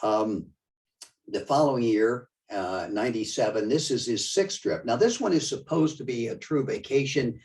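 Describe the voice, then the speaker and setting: Older man, museum lecturer, rambling halting delivery, mid-range voice, heard from across the room. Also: medium pitch, expressive, darkish tone, distant mic, poor audio. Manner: conversational, digressive, halting. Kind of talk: slide-show history talk.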